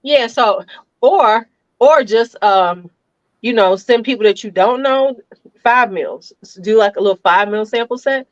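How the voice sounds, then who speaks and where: A woman's voice: a little high, unhurried, no room sound, highs cut off. Blunt, joking woman host. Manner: blunt, joking, swears freely. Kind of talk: casual chat.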